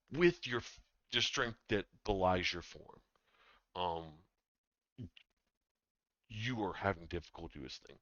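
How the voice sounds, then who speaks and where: Lively game master man. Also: on the low side, dry recording. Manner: halting, with many ums and restarts. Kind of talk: narrating a tabletop game. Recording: dull dry lo-fi audio.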